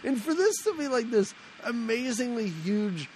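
A man's voice: very high-pitched, big pitch swings, normal speed, darkish tone, a little hiss or hum. A man co-hosting a casual movie chat, joking and trailing off mid-sentence. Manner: joking, trails off and restarts, slips into put-on accents. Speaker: podcast co-host.

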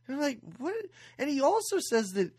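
A woman's voice: high-pitched, big pitch swings, fast talker, a little mellow, no room sound, clean studio sound. A woman co-hosting a podcast who jokes and asks amused, incredulous questions about a movie. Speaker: podcast co-host. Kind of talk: casual chat about a movie.

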